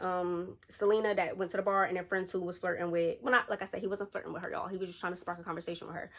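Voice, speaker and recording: A young woman telling a casual storytime to her viewers, chatty and slangy, talking straight to the camera. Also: medium pitch.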